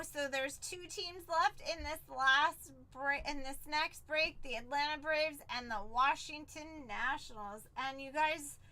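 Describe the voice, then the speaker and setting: Host: thirties, woman, bright and sparkly, chatty storyteller. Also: high-pitched. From San Diego, Southern California. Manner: bubbly, chatty storyteller who acts out quotes. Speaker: livestream card break host. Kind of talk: casual live-stream chat.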